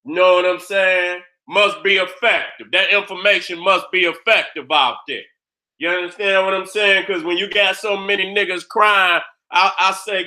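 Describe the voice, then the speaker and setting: Fired-up bright-voiced man ranting. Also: high-pitched, steady tone, moderate pace. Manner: boastful, combative, repeats his phrases, asks "you understand". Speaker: host of his own channel. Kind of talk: fired-up profane monologue.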